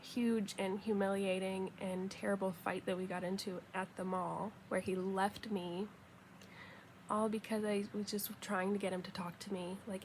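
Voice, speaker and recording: A young woman telling a personal story in a casual, animated way, acting out what people said. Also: mid-range voice, normal speed, vocal fry, a little hiss or hum. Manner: chatty, animated retelling with quoted dialogue.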